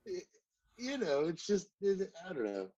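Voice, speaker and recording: A man's voice: sits high, wildly swooping pitch, measured pace, warm tone, highs cut off. A man co-hosting a podcast in casual group chat, chatty and rambling, with self-deprecating humor. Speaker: podcast co-host.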